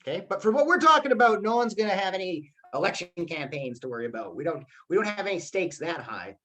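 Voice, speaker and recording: Talking fast in a high, pushed, bright voice with big pitch swings, a man gives an online public speaking lesson by video call. His delivery stays upbeat as he performs the voices in his examples.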